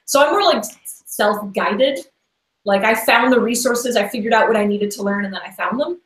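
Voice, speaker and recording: On a casual interview podcast, a woman guest talks at a moderate pace in a highish voice, and the room sound is echoey. Her talk is rambly and chatty, packed with "like" and frequent restarts.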